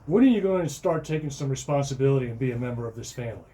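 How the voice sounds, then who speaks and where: A fed-up middle-aged father, as a storyteller acts him out yells at his household. His voice is raised and scolding, full of exasperation. Every line comes out as a loud rebuke. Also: medium pitch, animated, very fast, close to an everyday voice.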